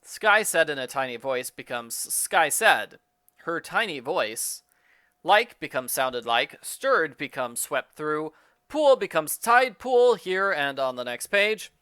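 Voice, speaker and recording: A man briskly reading out a matter-of-fact list of changes made to a book. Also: a little high, big pitch swings, bright, forceful tone, clear, resonant tone, dry recording, studio quality. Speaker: book reviewer listing edits.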